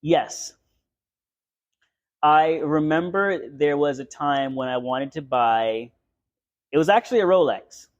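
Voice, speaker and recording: Young man, fairly high voice, from Florida, chatty storyteller, laughs a lot, restarts his sentences. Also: slow, pauses often, dull audio. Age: young adult. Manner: rambling, laughs often, many restarts. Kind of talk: casual storytelling chat.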